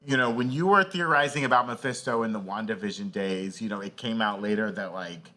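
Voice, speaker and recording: A man's voice: fairly low pitch, brisk, pushed and bright. A man co-hosting a casual chat show, rambling through his thoughts with lots of "you know" asides. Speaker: podcast co-host.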